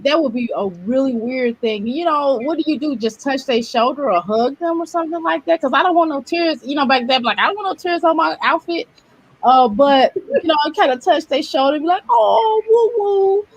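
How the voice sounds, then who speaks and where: A woman on a casual radio talk show, telling animated stories and acting out the quotes. She mentions the clients she counsels. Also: high voice, fairly quick. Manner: animated storyteller who acts out quotes.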